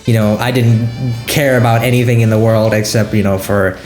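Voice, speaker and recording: A man interviewing his voice cast, hyper and excitable, often stumbling over his words. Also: lowish voice, a little fast, echoey room, faint music behind. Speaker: interviewer and show creator. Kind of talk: casual interview.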